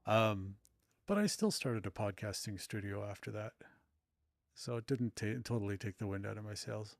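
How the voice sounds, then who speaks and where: A man's voice: fairly low pitch, animated, normal speed, gravelly, no room sound, clean studio sound. A middle-aged man chatting casually with his live-stream audience while playing, self-deprecating and rambling. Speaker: streamer and author.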